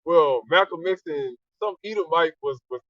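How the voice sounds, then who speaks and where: A man's voice: a little high, normal speed, no room sound. A man in a scripture study group arguing his points with emphasis and answering his own rhetorical questions. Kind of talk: heated discussion. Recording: distant, dull lo-fi, dry.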